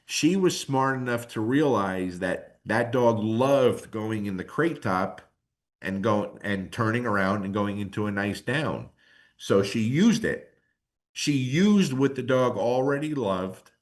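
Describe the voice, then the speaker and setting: A middle-aged man who trains dogs, telling stories in an emotional, animated and casual way as a podcast guest. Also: lowish voice, slow pace. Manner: casual, slangy. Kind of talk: podcast conversation.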